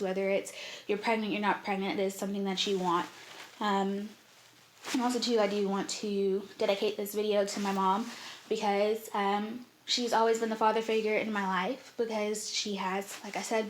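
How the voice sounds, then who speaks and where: A woman's voice: medium pitch, slight background noise. A young woman vlogger telling a personal story in a candid, heartfelt way, with many fillers.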